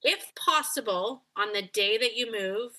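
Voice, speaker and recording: A woman's voice: fairly high pitch, unhurried, bright, forceful tone. A woman dog behavior coach on a coaching call, talking animatedly and acting out the voices of dogs and owners.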